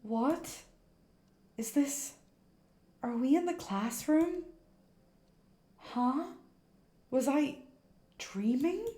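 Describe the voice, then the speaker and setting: A woman's voice: sits high, animated, very slow, pauses often, roomy sound, full character voice. A woman voicing a cheerful, protective teenage schoolgirl from a game, reading her lines aloud on stream. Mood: puzzled. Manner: bright, eager, affectionate.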